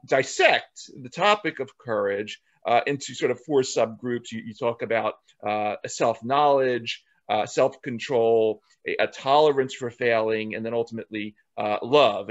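Rambling male interview host, dull recording. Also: mid-range voice. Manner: rambling, repeats words. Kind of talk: interview questions. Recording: dull lo-fi sound.

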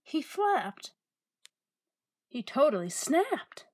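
Expressive woman reading a picture book aloud. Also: high voice. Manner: expressive, playful and unhurried, asking listeners questions. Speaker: storybook reader.

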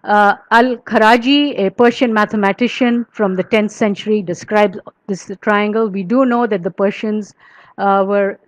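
Woman lecturer, patient explainer with fillers and restarts, mid pitch, dry close sound. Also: steady tone, moderate pace, no room sound, rough recording. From India. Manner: chants verse rhythmically and counts out syllables. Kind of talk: academic lecture.

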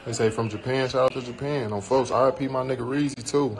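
A man's voice: medium pitch, fairly even intonation, fast. Young man chatting loosely on a noisy phone livestream. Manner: loose, profane, rambling street talk. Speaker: livestream host. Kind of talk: casual livestream chat. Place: indoors at home.

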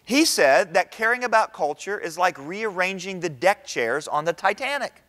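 A middle-aged man giving a sermon-style talk in a church, conversational and animated, often asking the audience questions. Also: moderate pace. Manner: animated, with big pitch swings. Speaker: speaker at a church event.

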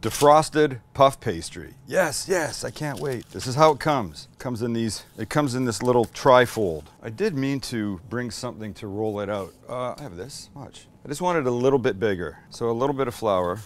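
A man's voice: mid-range voice, lively intonation, moderate pace, hardly any pauses. A middle-aged man hosting a casual cooking demo, chatty and teasing as he cooks. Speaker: cooking show host.

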